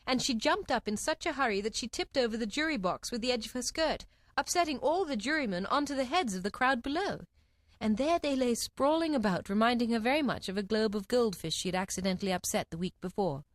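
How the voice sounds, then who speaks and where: Expressive woman reading a storybook. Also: fairly high pitch, a little fast, no echo, clean studio sound. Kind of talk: scripted story narration.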